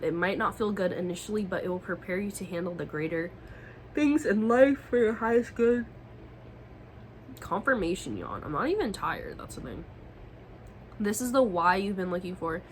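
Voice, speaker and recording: Young woman tarot reader, bright voice, brash slangy delivery, faint room noise. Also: mid-range voice, low-quality recording. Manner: profane, slangy and emphatic. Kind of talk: casual tarot reading to camera.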